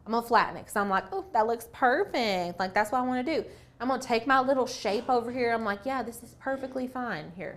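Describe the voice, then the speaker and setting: A woman's voice: on the high side, fairly bright tone. A woman hosting a casual craft tutorial, chatty and playful, thinking aloud as she works through each step. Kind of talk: casual screen-share tutorial.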